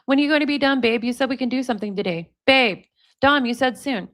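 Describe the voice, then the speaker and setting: Woman reading anxious young girlfriend, pleading, repetitive, fairly high voice. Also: quick pace, a bit bright. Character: needy anxious young woman texting her boyfriend.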